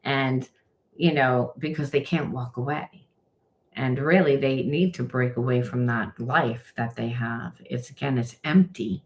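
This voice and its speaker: A woman's voice: a bass voice, a little slow, rough recording. A middle-aged woman giving a casual spoken tarot reading, frank and rambling, with lots of fillers and the odd curse word. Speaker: tarot reader and trauma coach.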